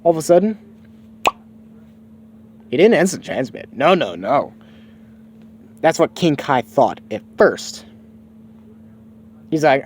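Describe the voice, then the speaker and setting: A man's voice: medium pitch, big pitch swings, a little slow, pauses often, a little hiss or hum. Rambling man improvising a story. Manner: rambling, casual and profane. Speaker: streamer.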